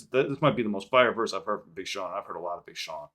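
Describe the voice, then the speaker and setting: Excitable man unpacking rap lyrics. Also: lowish voice, moderate pace, hardly any pauses. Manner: excitable, swears casually, stops to unpack lyrics. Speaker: music reaction host. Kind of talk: casual reaction commentary. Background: hip hop track playing faintly.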